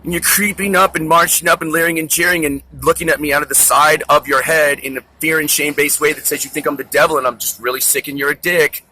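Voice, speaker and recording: Man, angry rant, profane, rambling, husky, bright, recorded outdoors. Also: fairly high pitch, level tone, fast talker, hardly any pauses. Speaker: vlogger. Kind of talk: ranting monologue to camera. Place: outdoors near a store.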